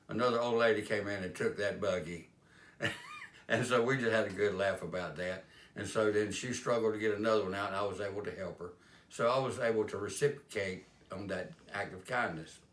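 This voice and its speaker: Guy telling homespun stories, kinda low voice, laid back and rambling. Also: fairly bright tone. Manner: plain-spoken, homespun, rambling anecdotes. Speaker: life-lessons speaker. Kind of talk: folksy storytelling monologue. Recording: roomy echo.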